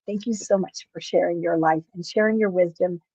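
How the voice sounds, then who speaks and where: A woman's voice: lowish voice, fairly even intonation, brisk, dark tone, no echo. A woman hosts a podcast interview and speaks in an earnest way as she praises her guest. She comes through a video call with dull, lo-fi sound and a dry, close feel. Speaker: podcast host. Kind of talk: interview hosting.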